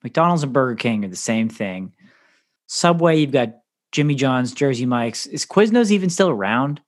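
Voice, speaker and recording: A man's voice: medium pitch, animated, normal speed. Rambling, jokey podcast man. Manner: rambling, jokey, laughs often. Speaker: podcast co-host. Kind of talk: casual chat.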